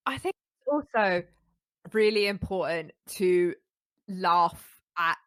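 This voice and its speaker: A woman's voice: fairly low pitch, lively intonation, takes it slowly, fairly bright tone, smooth. Wry woman telling anecdotes. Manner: thoughtful, searches for words, wry anecdotes. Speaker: podcast co-host. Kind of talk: casual conversation.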